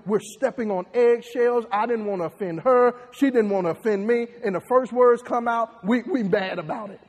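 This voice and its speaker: High-voiced pastor preaching in a hall. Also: male voice. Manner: animated, laughing, calls on the congregation to repeat. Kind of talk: sermon. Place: church.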